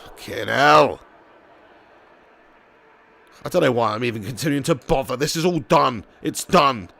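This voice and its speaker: A young man live-streaming a football game, commentating excitably, swearing freely and chatting with viewers. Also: mid-range voice, brisk, vocal fry.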